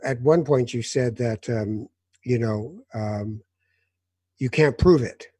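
A man hosting an interview, speaking in a thoughtful, measured way and gently interjecting. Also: mid-range voice, slightly rough, no room sound, clean studio sound. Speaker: interview host. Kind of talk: conversational interview.

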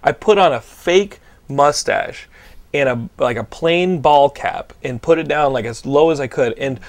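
A young man hosting a podcast, telling animated stories in casual chat, swearing freely and restarting his sentences. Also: a little high, measured pace. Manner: animated storytelling, heavy swearing, lots of likes and restarts. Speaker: podcast host.

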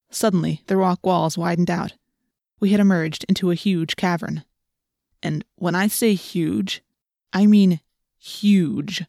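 A woman narrating a first-person audiobook in a steady, plain storytelling voice. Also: lowish voice, vocal fry, no room sound, studio quality.

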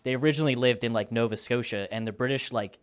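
A man's voice: mid-range voice, fast talker, clear, resonant tone. A man co-hosting a podcast, retelling history casually with lots of fillers and laughter. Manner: loose storytelling, laughs often, many fillers. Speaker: podcast co-host. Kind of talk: casual chat.

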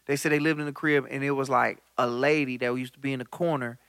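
A man hosting a podcast, telling stories in animated, slang-heavy casual chat. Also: mid-range voice, fast, smooth, no room sound, clean studio sound. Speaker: podcast host.

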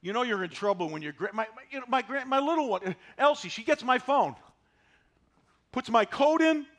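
A man in his sixties preaching a sermon, folksy and animated, driving points home with repetition. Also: extremely high pitch, normal speed. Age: 60s. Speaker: pastor.

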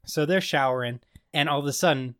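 A man's voice: on the high side, brisk, fairly bright tone, clear, resonant tone, no room sound, studio quality. Casual man retelling a comedy episode. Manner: rambling storyteller, acting out scenes. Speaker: podcast co-host.

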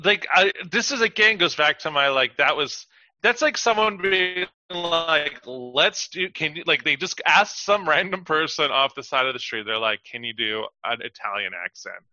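Bright-voiced man on a dull dry mic. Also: on the high side, expressive, no echo. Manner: halting, heavy use of "like". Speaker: podcast co-host. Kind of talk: casual chat.

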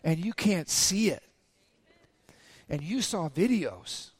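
A male pastor delivering a lively sermon to a congregation, asking the crowd questions, his throat a little raspy. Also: high-pitched, takes it slowly.

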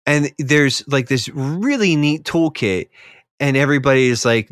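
A man co-hosting a podcast in casual chat, animated and rambling, mocking other players in quick quoted asides. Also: medium pitch, smooth, dry recording, studio quality. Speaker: podcast co-host.

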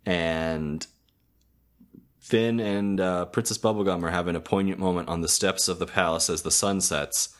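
A man with a very deep voice recaps a cartoon episode on a podcast. He rambles a little, stops on ums and fixes his own words mid-sentence. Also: fairly even intonation, normal speed. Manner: rambling, hesitant, with frequent ums and self-corrections. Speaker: podcast co-host.

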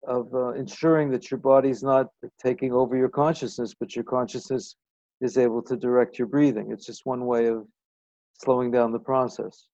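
A man's voice: medium pitch, fairly even intonation, moderate pace, mellow, no echo. A man talking as a client in a casual conversation, hesitant with stammering restarts, on a dull recording.

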